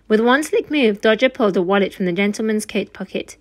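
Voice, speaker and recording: A woman teacher reading a children's storybook aloud with slow, expressive narration. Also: medium pitch.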